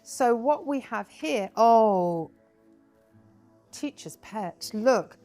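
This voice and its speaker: A woman's voice: on the high side, lively intonation, drawn-out words, warm tone, soft background music. A woman hosting a hands-on crafting workshop, chatty and encouraging, praising her guests often as she explains each step. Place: indoor crafting table.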